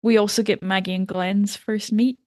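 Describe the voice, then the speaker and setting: A woman co-hosting a podcast, chatting casually about a TV episode, enthusiastic and quick to laugh. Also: mid-range voice, steady tone, a little mellow, dry recording, clean studio sound. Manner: enthusiastic, laughs often, acts out quotes. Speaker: podcast co-host. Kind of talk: casual TV recap chat.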